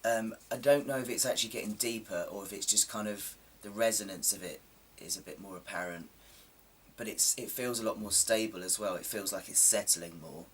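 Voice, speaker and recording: A man talks casually to his camera in a lowish voice that sounds slightly coarse and sore. He rambles along, self-deprecating, with lots of ums. The mic sits a little distant, with faint background hiss. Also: brisk, fairly bright tone. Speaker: vlogger.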